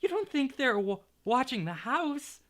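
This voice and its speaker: A man voicing a frightened, fretful aunt with a quivering, shrill voice in a storybook reading. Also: big pitch swings, measured pace, a bit bright, heavily acted. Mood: panicked. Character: high-strung frightened aunt, shrill woman.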